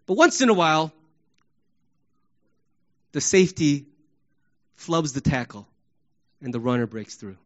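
A male pastor delivers an animated sermon, his voice sitting high. He acts out crowd shouts and sports examples. The recording sounds muffled and lo-fi. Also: unhurried, long pauses.

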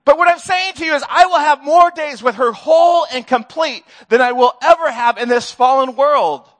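A man's voice: extremely high pitch, normal speed, fairly bright tone. A middle-aged man preaching a sermon to his church, earnest and conversational, with touches of self-deprecating humor. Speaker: pastor. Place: church sanctuary.

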